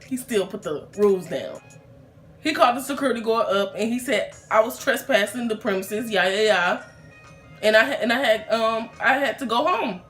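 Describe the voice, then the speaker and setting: A young woman tells a personal story in a loose, chatty vlog style, restarting sentences and leaning on fillers. Her voice sits a little high. Soft music plays faintly underneath. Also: lively intonation, moderate pace. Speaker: YouTuber telling a storytime.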